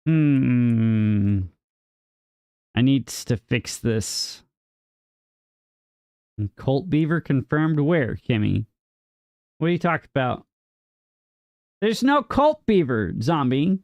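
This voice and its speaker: Gravelly, lively man teasing his stream chat. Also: slow, long pauses, no room sound, clean studio sound. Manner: playful teasing, mock-indignant, jumps high on questions. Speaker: livestreamer. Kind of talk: casual live-stream chat, reading and answering chat.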